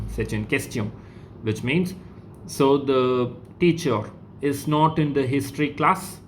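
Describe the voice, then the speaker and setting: Indian-accented male teacher, mid-pitched, patient explainer, faint hiss behind. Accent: Indian English. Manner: explains slowly, repeats words, many okays. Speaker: French teacher. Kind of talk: classroom lesson.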